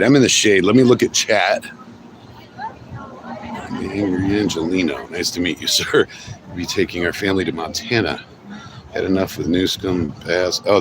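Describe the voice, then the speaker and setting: Man, casual livestream chat, amused, outdoor street, phone mic, clear traffic noise. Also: sits low. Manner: chatty, amused, friendly with strangers. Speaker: live streamer. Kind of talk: casual walking livestream commentary. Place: outdoors on a city street at a protest. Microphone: handheld phone. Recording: noisy street ambience and traffic.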